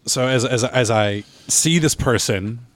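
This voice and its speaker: A man playing a tabletop role-playing game, describing his character's actions haltingly with many restarts. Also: mid-range voice, a bit bright, no room sound. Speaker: player. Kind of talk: casual tabletop role-play.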